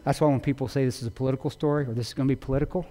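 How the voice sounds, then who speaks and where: Man, guest speaker, intense storytelling, mid pitch, large hall echo. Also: steady tone, racing, warm tone. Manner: intense, dramatic retelling with quoted dialogue. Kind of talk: public speech, storytelling. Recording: long reverb of a large hall.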